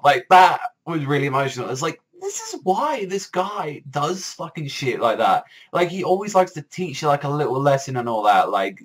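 Male reviewer, low-pitched, rambling, swears constantly, excited casual talk. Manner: rambling, heavy swearing, many "like" fillers. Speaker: anime reviewer.

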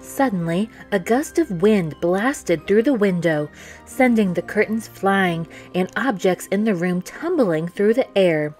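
A woman reading a children's picture book aloud, narrating in a slow, gentle storytelling manner. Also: medium pitch, expressive, faint music behind. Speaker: storytime reader.

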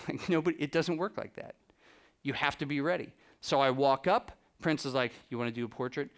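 A man giving a talk to an audience, telling lively anecdotes and acting out the dialogue with a laugh now and then. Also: fairly high pitch, normal speed. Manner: animated anecdotes, acts out dialogue, laughs often. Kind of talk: storytelling presentation to a live audience.

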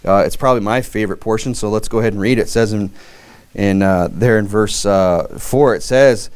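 A man's voice: lowish voice, brisk, clear, resonant tone. A married man preaching a sermon in a loose, conversational way, with frequent fillers and restarts. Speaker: pastor.

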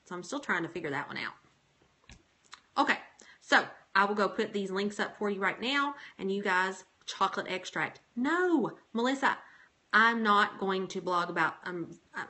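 A woman's voice: lowish voice, sharp tone. A woman in her thirties hosting a casual livestream, chatting, joking and rambling with a giggly, self-mocking manner. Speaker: homemaking livestream host.

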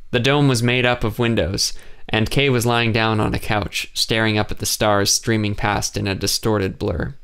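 A man reading an audiobook in calm, measured first-person narration. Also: fairly low pitch, creaky, smooth.

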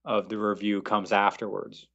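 Gravelly low-voiced man rambling. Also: little pitch movement, normal speed, fairly bright tone. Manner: rambling, self-correcting. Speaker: podcast guest, car reviewer. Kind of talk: casual podcast chat. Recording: dull lo-fi audio.

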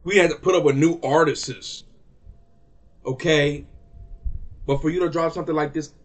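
A man's voice: a little high, fairly even intonation, normal speed, pauses often. A man giving a heated, profane rant to camera about a music release, repeating himself for emphasis. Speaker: music reaction vlogger.

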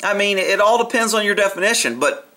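Brief: male video commentator, high and bright, blunt and profane, casual opinionated delivery. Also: animated, a little fast. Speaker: video commentator on horse training.

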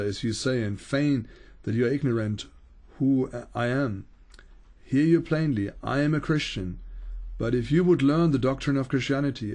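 A man voicing an elderly bishop who is calm and unyielding, speaking in firm, measured declarations. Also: medium pitch, natural voice.

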